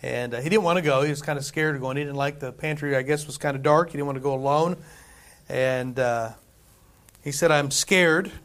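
A man's voice: medium pitch, fairly quick. A man preaching a conversational sermon, repeating phrases for emphasis. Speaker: pastor.

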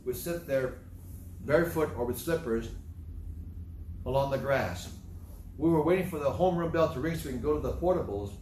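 A man gives a moralizing talk, telling stories repetitively and emphatically with sarcastic asides. His mid-range voice has a darkish tone, at normal speed with frequent pauses. The recording is roomy, from a distant mic with faint noise.

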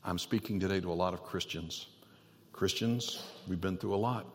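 A male pastor delivers a sermon in a fairly low voice, pushing hard and emphatic when he quotes scripture and easing into soft, earnest tones as he leads the prayer. His words hang in the long reverb of a large hall. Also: moderate pace.

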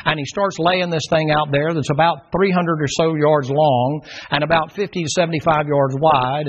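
A middle-aged man, preaching a sermon in a folksy, emphatic way and repeating phrases for force. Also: fairly high pitch. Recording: dull lo-fi sound.

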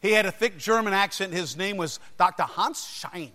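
A male preacher with a fairly high voice delivers his sermon through personal stories, leaning on emphatic phrasing and dramatic pauses. His words ring through a long, reverberant hall. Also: sharp tone.

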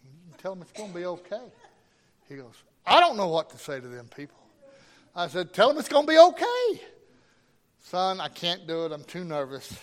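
A middle-aged man, a pastor, telling a folksy story in a sermon with animated quoted voices. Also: fairly high pitch, fairly quick. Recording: long reverb of a hall.

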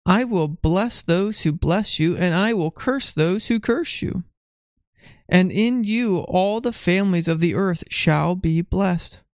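A middle-aged man, a father, leading a morning devotion at home, gently coaxing a small child and reading scripture aloud. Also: high voice, takes it slowly, dry recording, clean studio sound. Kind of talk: casual devotional chat with Bible reading.

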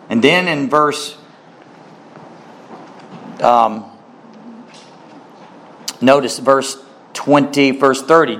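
A man preaching a Bible sermon, pressing his points with rising emphasis and rhetorical questions to the congregation. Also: medium pitch. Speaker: pastor.

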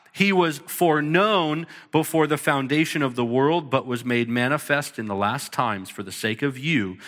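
A man's voice: on the high side, a bit bright. A man in his thirties preaching a sermon as pastor, earnest and emphatic, with short punchy repeated lines. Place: church sanctuary. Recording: long reverb of a large hall.

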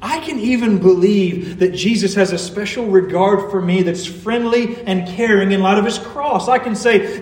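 A man's voice: sits high, animated, moderate pace, hardly any pauses, darkish tone. A man preaching a sermon as pastor, earnest, building to emphatic peaks. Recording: echoey hall, mic at a distance.

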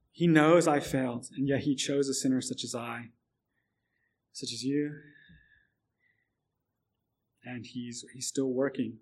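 A man preaching a sermon, his voice sitting a bit high. He talks earnestly, stumbling over restarts and repeated words. At times he builds up through long lists of phrases. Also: slightly rough.

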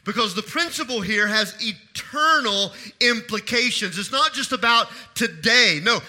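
Middle-aged pastor guy preaching, high bright voice, slow and deliberate, keeps asking the crowd stuff. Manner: asks the congregation questions and pauses for answers; repeats key phrases for emphasis. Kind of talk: sermon.

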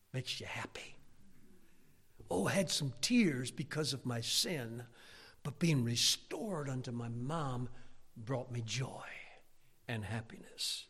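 A man preaching a storytelling sermon, animated, swinging between loud exclaims and hushed whispers. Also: medium pitch.

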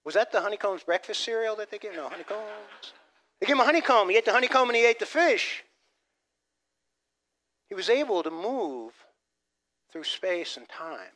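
A man preaching a sermon as pastor, animated, dropping from loud emphasis to soft asides and restarting phrases. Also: high-pitched. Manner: repeats words as he restarts phrases.

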